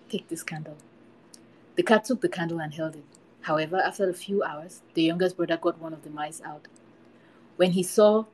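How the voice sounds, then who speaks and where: A woman hosting a podcast, reading a folktale aloud in a steady storytelling manner. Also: lowish voice, poor audio. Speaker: podcast host.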